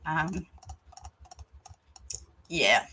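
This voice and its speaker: A New Zealand woman hosting a casual livestream chat, hesitant and rambling with many pauses. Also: sits low, expressive, bright, forceful tone, a little hiss or hum, poor audio. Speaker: channel host.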